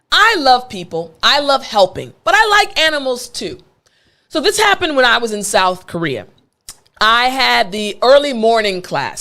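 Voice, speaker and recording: A woman's voice: a little high, a bit bright. A woman with an American accent, an English teacher telling a story in a playful, conversational way. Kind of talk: storytelling lesson.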